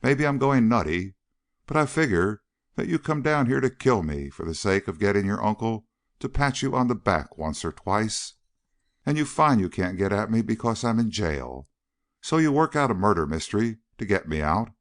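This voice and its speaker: A man reading as a small, aging frontier gunfighter with a deep voice. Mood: uneasy. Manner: folksy frontier drawl, gentle and pleading. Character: small, aging, soft-spoken male gunfighter. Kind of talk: audiobook character reading.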